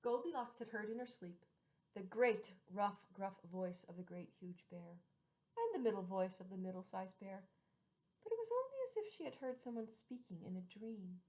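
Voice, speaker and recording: A woman's voice: mid-range voice, lively intonation, low-quality recording. A woman reading a fairy tale aloud, drawing out repeated phrases and dropping some words to a whisper. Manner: drawn-out repetitions with hushed, whispered words. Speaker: storyteller.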